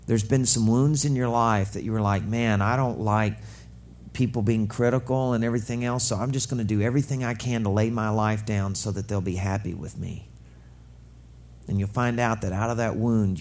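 A young adult male pastor preaching a sermon, lively and joking, acting out quoted voices. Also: medium pitch.

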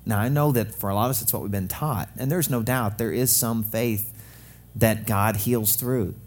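A young adult male pastor preaching a sermon, lively and joking, acting out quoted voices. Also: on the low side, normal speed, slightly rough.

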